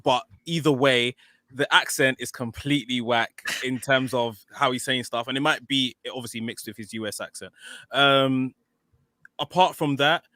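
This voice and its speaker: A man from the UK, chatting casually as a podcast co-host, animated, with frequent ums. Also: mid-range voice, moderate pace, no echo. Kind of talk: casual chat.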